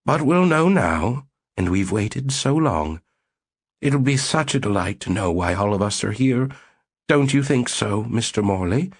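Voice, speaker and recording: A man doing a frail, very old woman who gushes with delight and drops into a confiding hush. Raised pitch, slow and drawn out, a touch husky, as in a storybook reading. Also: lively intonation, no room sound, clean studio sound, heavily acted. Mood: gushing. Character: elderly woman sociologist, frail, gushing and sweet.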